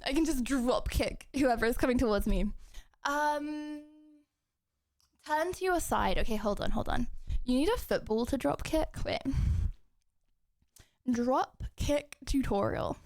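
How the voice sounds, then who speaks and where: A young woman streamer with a bright, high voice talks to her chat from her home kitchen. She is bubbly and jokey, and her words come out breathless as she moves about on her feet. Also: a little slow. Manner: bubbly, excitable, joking with chat. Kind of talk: casual live-stream chat. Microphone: streaming mic, wearing headphones.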